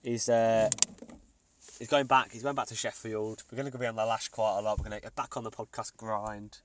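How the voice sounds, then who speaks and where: A man's voice: fairly low pitch, level tone, a little fast, no echo. A young man, co-hosting a podcast in a laid-back, blunt way with casual swearing. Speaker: podcast co-host.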